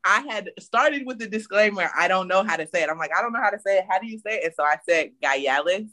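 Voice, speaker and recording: A young man chatting casually as a podcast co-host, his voice sitting a little higher than most men's. He tells stories in a loose, self-mocking way, with plenty of asides. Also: fast talker, bright, forceful tone. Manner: laid-back storytelling with frequent laughs and self-mocking asides. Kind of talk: casual chat.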